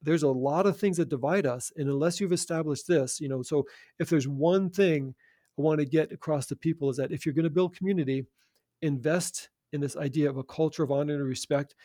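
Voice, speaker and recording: An earnest man explains his views in a relaxed, conversational way. His voice sits a little high with a mellow, warm tone. It sounds close and dry, with no room around it. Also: no echo. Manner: earnest, repeats words as he restarts. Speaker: guest. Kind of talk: conversational faith talk.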